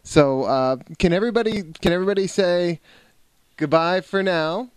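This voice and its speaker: A woman hosting a casual family podcast, talking in a halting way with lots of fillers and restarts. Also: on the low side, lively intonation, smooth, dry recording. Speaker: podcast host.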